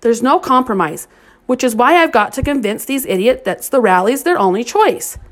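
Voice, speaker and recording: A woman's voice: on the high side, expressive, normal speed, pitched above the performer's own voice, lightly acted. A woman voicing a fierce, passionate teenage girl who speaks intensely and indignantly.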